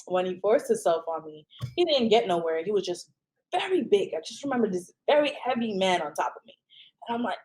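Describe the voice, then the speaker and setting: A woman hosting a podcast in casual chat, an animated storyteller who keeps asking "right?" and jumps high in pitch when quoting people. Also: fairly quick, low-quality recording. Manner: frequent "um" and "right?". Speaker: podcast host.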